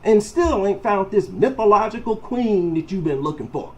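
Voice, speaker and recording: Black guy ranting hard, kinda high voice, pitch all over the place, mocking and emphatic. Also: expressive, normal speed, a little mellow, highs cut off. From United States. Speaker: commentator. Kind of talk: heated opinion monologue.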